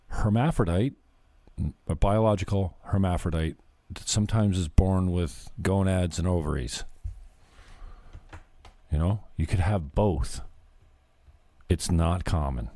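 A man's voice: deep voice, mellow, dry recording. A man hosting a podcast, rambling through casual political commentary with profanity and sarcasm. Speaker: podcast host.

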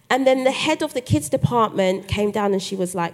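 A woman's voice: high voice, a little fast, few pauses. A woman, a guest author telling her story in a live podcast interview, acting out the voices of others as she goes. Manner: animated storytelling, acts out quoted voices. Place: live festival stage.

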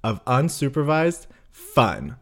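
A man's voice: medium pitch, big pitch swings, slow pace. A man in his twenties co-hosting a casual podcast, telling a story with sass, slang and frequent laughs. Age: 20s. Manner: sassy, laughs often, slangy. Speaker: podcast co-host.

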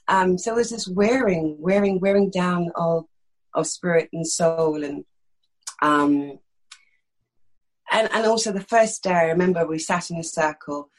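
Woman, middle-aged, from East London, slight lisp, husky, frank animated interview guest. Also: lowish voice, moderate pace, poor audio. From East London, England. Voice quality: slight lisp that sometimes creeps in. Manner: frank, animated storytelling with many fillers. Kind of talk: candid conversational interview.

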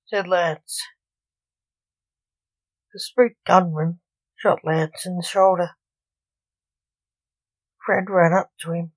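A woman narrating a short story in a plain, even reading. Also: on the low side, slow pace, long pauses, no echo, rough recording.

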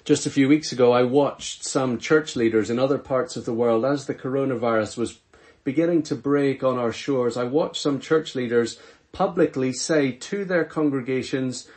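A middle-aged pastor reading scripture and preaching an earnest, measured sermon full of rhetorical questions. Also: male voice, medium pitch, a little mellow.

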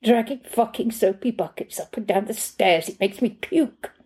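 A woman's voice: on the high side, normal speed, slightly rough. A woman reading aloud and voicing a spoiled, aggressive teenage boy who swears and threatens. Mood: sneering, threatening. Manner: coarse, shouting, swearing.

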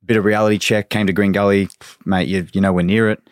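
A man's voice: fairly low pitch, little pitch movement, quick pace, no room sound, clean studio sound. A man in his thirties, a former footballer, telling stories in a casual podcast chat and swearing freely. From Australia. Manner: swears freely, tells anecdotes with quoted voices.

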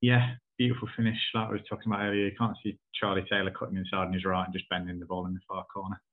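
Man, low voice, rapid speech, flat delivery, phone-quality sound. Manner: flat, dry, fast-talking analysis. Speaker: podcast co-host. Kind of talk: casual football podcast chat. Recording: tinny phone-like line.

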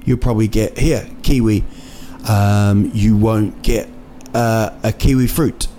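This podcast host speaks in a lowish, dark voice at an unhurried, level pace, with a little hiss or hum on the recording. He's alone indoors in a city at night, wandering through jokes and tangents, often restarting and filling gaps.

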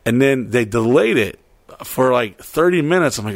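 A man casually telling a story on a podcast, animated and profane, acting out the voices of other people. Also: mid-range voice, moderate pace, no echo. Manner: animated, swears a lot, acts out voices.

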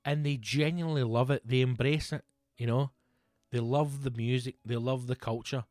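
A man's voice: mid-range voice, fairly even intonation, moderate pace, darkish tone, no echo. Scottish man, 30s, casual sweary chat, rambling anecdotes, dry recording. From Scotland. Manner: swears freely, rambling anecdotes with quoted voices. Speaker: podcast co-host.

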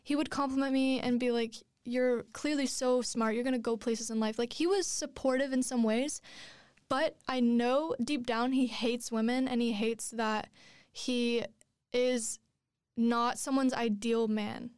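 A woman's voice: fairly high pitch, fairly even intonation, a little slow, a little mellow, clean tone, no echo, clean studio sound. A woman in her twenties telling a long personal story in a casual chat, rambling with many fillers and restarts. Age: 20s.

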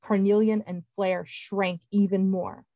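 A woman podcast host reading an excerpt of her fantasy novel in steady, clear storytelling. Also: medium pitch, takes it slowly, no room sound.

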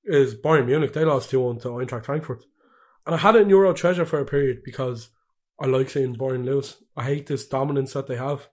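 A man's voice: mid-range voice, brisk, a little mellow. A man co-hosting a football podcast, chatting casually and joking often. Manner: jokey, laughs often. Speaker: podcast co-host.

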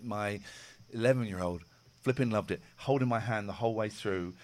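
Speaking at a moderate pace in a fairly low voice, a man hosting a radio show chats easily and spins lively stories, performing the quoted lines as he goes.

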